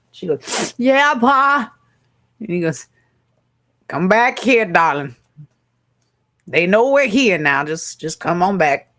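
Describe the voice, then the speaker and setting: Low-voiced woman game narrator. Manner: relaxed, hesitant with fillers. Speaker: storyteller.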